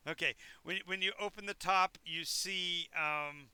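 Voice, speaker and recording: A man's voice: high voice, fairly even intonation, unhurried, bright, forceful tone, smooth, no echo. A man narrating a tabletop game as game master, describing scenes in a rambling, self-correcting way.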